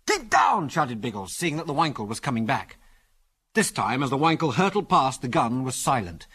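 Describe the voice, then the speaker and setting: Husky-voiced man narrating an adventure story. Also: medium pitch, a little fast. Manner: dramatic storytelling, animated delivery.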